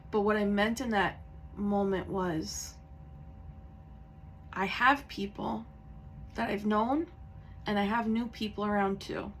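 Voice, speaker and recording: A woman's voice: medium pitch, a little hiss or hum. A woman tarot reader in a casual, confessional talk. She is candid and a little tearful, and she rambles with fillers and self-corrections.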